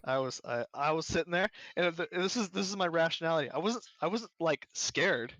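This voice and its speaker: Animated man in a dry room. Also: a little high, a little fast, no echo, low-quality recording. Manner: animated storytelling, acting out his own past thoughts. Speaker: podcast co-host. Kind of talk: casual chat.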